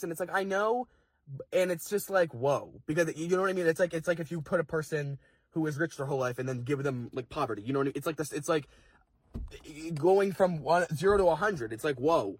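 Young male vlogger, husky and dry, rapid heated rant. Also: fairly high pitch, dry recording. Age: young adult. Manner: fast, heated, swearing, lots of fillers. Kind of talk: impassioned casual rant to camera.

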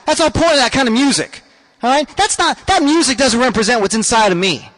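A man's voice: extremely high pitch, expressive, quick pace, a bit bright, low-quality recording. A man hosting a show, delivering an emphatic, sarcastic political rant with lots of repetition. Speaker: radio show host. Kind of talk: ranting political monologue.

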